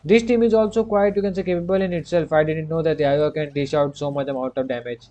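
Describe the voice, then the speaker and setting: Mellow-voiced man narrating his gameplay. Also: on the high side, fairly even intonation, fast talker. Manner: talks himself through moves, repeats short commands, keeps saying "you can say". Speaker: gaming streamer. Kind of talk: casual gameplay commentary.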